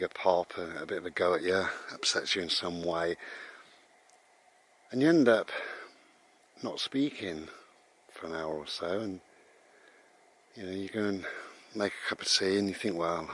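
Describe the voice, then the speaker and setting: Low-voiced British man musing casually. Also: fairly bright tone. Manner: rambling, conversational, with repeated restarts. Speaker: vlogger. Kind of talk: casual spoken reflection on mindfulness. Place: outdoors while walking his dog.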